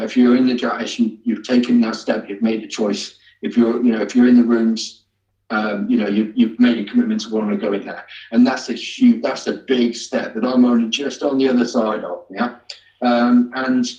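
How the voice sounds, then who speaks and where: A man being interviewed, talking in a halting way with many fillers and restarts. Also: mid-range voice, darkish tone. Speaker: guest, amateur actor. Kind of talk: casual interview chat. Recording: echoey, distant, dull sound.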